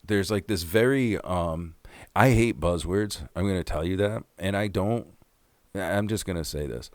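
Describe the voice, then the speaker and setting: Deep guy in his 40s ranting casually, cussing, dry mic. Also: darkish tone, dry recording. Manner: rambling, profane storytelling. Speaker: podcast host. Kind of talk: casual monologue.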